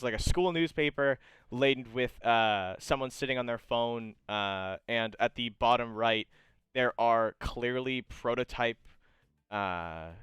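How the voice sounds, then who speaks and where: A man narrating as game master of a tabletop game, improvising with halting, hesitant phrasing. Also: mid-range voice, fairly bright tone, clean tone, no room sound, clean studio sound. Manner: halting, full of fillers and restarts.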